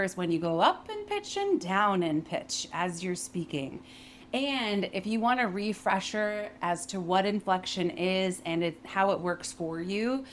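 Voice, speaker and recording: A young adult woman teaching workplace communication in a clear, emphatic way, modeling pitch and phrasing as she explains. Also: slight background noise. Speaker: voice and communication coach. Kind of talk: instructional talk with spoken demonstrations.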